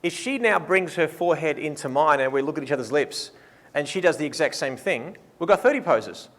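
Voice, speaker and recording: A man leading a live workshop, playful and lively, acting out what his listeners think. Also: fairly high pitch, brisk. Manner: lively, playful, acts out clients' thoughts. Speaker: workshop presenter. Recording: reverberant hall sound.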